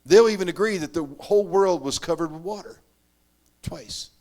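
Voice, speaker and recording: Man, sermon testimony, earnest, fairly high voice, swings from loud bursts to hushed asides. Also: normal speed. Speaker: preacher.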